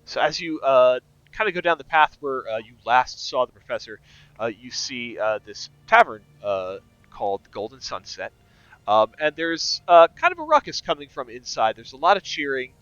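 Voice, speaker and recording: A male game master narrating an adventure in a relaxed, meandering way, full of pauses and filler sounds. His voice sits at a middle pitch, and the online audio comes through slightly muffled. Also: smooth, no room sound.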